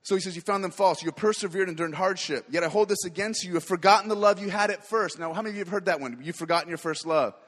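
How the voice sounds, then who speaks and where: Delivering a sermon, a man with a voice high for a man preaches with fervent energy, very fast and with few pauses. He drops into quiet asides, then rises to loud declarations, all ringing with a large hall's long reverb.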